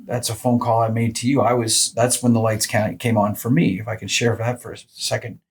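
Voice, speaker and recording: A man's voice: medium pitch, little pitch movement, a little fast, husky. A man hosting a podcast, speaking earnestly and searching for his words. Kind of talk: casual conversation.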